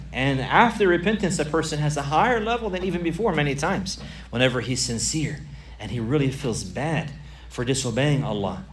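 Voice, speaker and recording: A man's voice: on the high side, far from the mic, a little hiss or hum. A man preaching a sermon in an earnest, emphatic way, often repeating phrases for stress.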